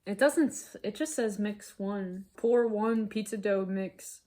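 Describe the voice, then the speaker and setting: A woman's voice: mid-range voice, takes it slowly, warm tone. A woman hosting a casual comedic cooking chat at home, joking and playfully mock-dramatic. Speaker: host.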